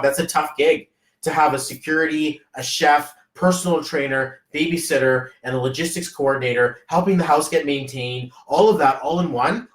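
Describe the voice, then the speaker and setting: A man's voice: on the high side, a bit bright, far from the mic. A man hosting a casual live stream as a business coach, rambling and hypey, often slipping into quoted voices. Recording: echoey room, voice off-mic.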